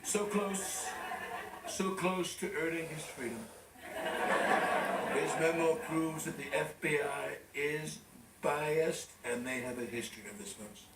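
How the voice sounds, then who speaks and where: A man's voice: a little high, takes it slowly, recorded from a distance, over music. A man playing a boastful, rambling male president who is out of breath, in a sketch comedy impression. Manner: pompous, self-praising, rambling asides. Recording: roomy studio, from off mic, loud audience laughter.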